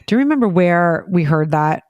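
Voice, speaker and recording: Chatty mom telling stories at speed. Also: female voice, lowish voice, animated, darkish tone, smooth, no room sound, dull audio. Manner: rapid, filler-heavy storytelling, acting out quoted voices. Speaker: parent guest. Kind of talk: casual podcast chat.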